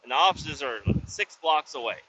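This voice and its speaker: Profane rambling man with a bright voice. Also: a little high, animated, normal speed, a little hiss or hum. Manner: profane, loose, drifting between stories. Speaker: roadside service worker. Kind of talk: casual rambling vlog storytelling. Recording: dull lo-fi sound with faint background ambience.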